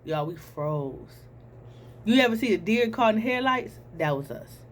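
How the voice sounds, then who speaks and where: Animated young woman telling a story. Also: mid-range voice, a little slow, a little hiss or hum. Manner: animated, addresses viewers as y'all, acts out sounds and voices. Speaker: storytelling vlogger. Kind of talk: casual storytime.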